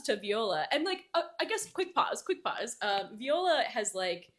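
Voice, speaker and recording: A woman's voice: on the high side, sing-song, moderate pace, fairly bright tone. Chatty young woman co-hosting a book podcast. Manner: chatty, filler-heavy, acts out lines from the book. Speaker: podcast co-host. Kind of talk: casual book club chat.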